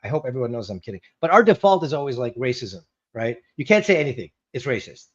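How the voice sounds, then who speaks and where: A man's voice: mid-range voice, big pitch swings, quick pace. A man co-hosting in casual banter, laughing often and stumbling over restarts as he jokes. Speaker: guest co-host. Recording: dull lo-fi sound.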